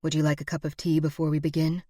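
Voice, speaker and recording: A woman's voice: low voice, flat delivery, mellow, no room sound, clean studio sound. A woman doing a cool, formal frontier lawyer. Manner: measured, official, evasive. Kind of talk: audiobook character voice.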